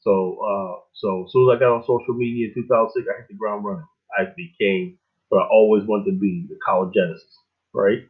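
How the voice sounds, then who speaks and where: A middle-aged man hosting a show, rambling in a casual monologue with lots of fillers and animated stories. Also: lowish voice, brisk. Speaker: show host. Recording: tinny phone-like line.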